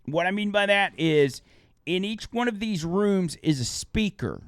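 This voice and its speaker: A man's voice: a little slow, smooth, dry recording, studio quality. A man co-hosting a radio show, casually chatting and telling stories animatedly. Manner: animated storytelling, high voice for quoted women. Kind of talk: casual chat.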